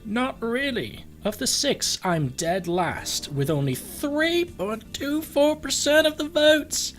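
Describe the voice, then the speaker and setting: A fretful, polite old cat candidate with a plummy English butler's voice, pitched up well above an ordinary man's, drawn out slow and worried, as a man puts him on for a game. Faint music plays beneath. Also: big pitch swings, vocal fry, heavily acted. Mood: gloomy. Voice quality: posh, plummy.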